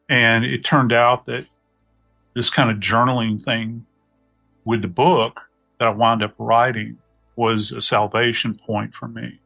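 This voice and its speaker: A middle-aged man from New Orleans with a Southern US accent, a podcast guest telling reflective stories in an unhurried, folksy way. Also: medium pitch, little pitch movement, creaky, a bit bright, faint music behind. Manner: unhurried, folksy, many "you know" asides. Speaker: podcast guest, death investigator. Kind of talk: reflective storytelling conversation.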